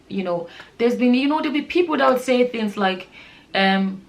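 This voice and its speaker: A woman vlogger speaks straight to her camera in a casual, earnest way. Her voice sits at an ordinary middle pitch. She rambles with plenty of fillers and restarts. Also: normal speed. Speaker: nurse and vlogger. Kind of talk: casual vlog talk to camera.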